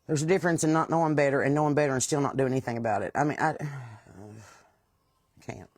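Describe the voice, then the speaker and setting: A woman's voice: low-pitched, fast talker, a little mellow, dry recording. A middle-aged woman with a West Virginian accent, hosting a casual monologue and talking in a blunt, plain-spoken, aggravated way. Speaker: host.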